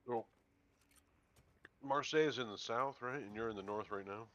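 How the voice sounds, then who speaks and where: A man's voice: mid-range voice, moderate pace, a bit bright, muffled recording. A man chatting casually and joking while gaming with a friend. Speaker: co-player.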